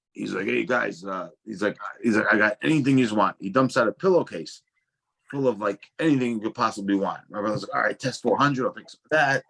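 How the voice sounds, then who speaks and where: A man's voice: mid-range voice, creaky, fairly bright tone, slightly rough. A young adult man telling casual stories as a guest, swearing freely and stumbling through restarts. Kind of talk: casual storytelling.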